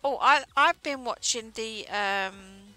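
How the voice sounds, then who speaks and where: A woman's voice: fairly high pitch, slow. A woman livestreaming while she knits, chatting casually in a rambling way with plenty of fillers. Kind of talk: casual chat while knitting. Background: faint music.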